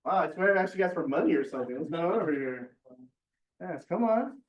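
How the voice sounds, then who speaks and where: A man hosts a real estate office meeting in a large meeting room, enthusiastic and chatty, repeating words as he urges people on. He talks fast in a fairly high voice with lively intonation. He's heard from afar through a distant mic in an echoey room, with the highs cut off.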